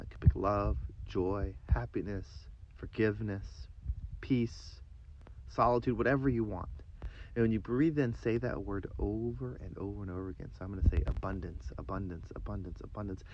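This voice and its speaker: A man hosting a self-help podcast, guiding listeners through breathing and affirmations in a slow, calm, deliberate way. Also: lowish voice, muffled recording, a little hiss or hum. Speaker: podcast host and life coach. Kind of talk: guided breathing meditation and affirmations.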